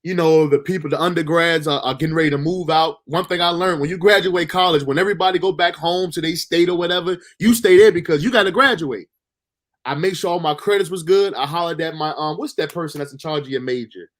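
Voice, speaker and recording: A man telling a personal story, emotional and halting, with pauses and restarts. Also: on the high side, fairly bright tone. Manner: halting, full of fillers and restarts. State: emotional, near tears.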